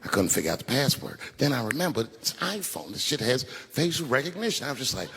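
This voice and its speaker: A man doing stand-up comedy, telling a long story and acting out the voices with big swings in pitch. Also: sing-song, fast, heavy background noise. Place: comedy club stage. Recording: live club with long reverb and faint ambience.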